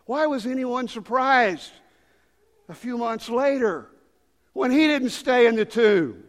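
A man in his fifties preaching a sermon, swinging from loud dramatic calls to hushed low lines. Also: lively intonation, slow. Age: 50s. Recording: long hall reverb.

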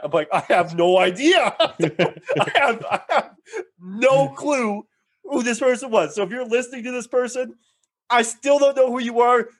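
Animated man telling stories. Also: high-pitched, a little fast. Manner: animated storyteller, laughs often. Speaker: podcast host. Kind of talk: casual chat.

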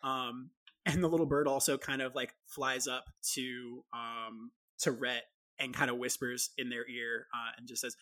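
A woman describing her character's actions in a tabletop game, slowly and playfully. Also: very deep voice, flat delivery, fairly bright tone. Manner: slow, playful. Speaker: player.

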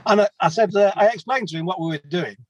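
A man's voice: sits high, quick pace, dull audio. A man, a plumber telling rambling stories with laughs as an interview guest. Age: 50s. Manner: chatty, rambling anecdotes with laughs. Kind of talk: casual storytelling.

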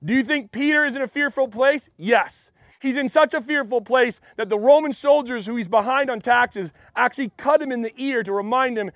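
High-voiced pastor giving a casual sermon. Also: male voice, a little fast, dry recording, studio quality. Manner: animated and conversational, with frequent restarts.

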